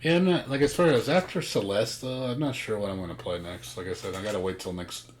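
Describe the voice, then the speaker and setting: A man's voice: on the low side, quick pace, a little hiss or hum. A man streaming a game, chatting casually with a blunt, profane, ranting manner. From United States. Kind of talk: casual chat.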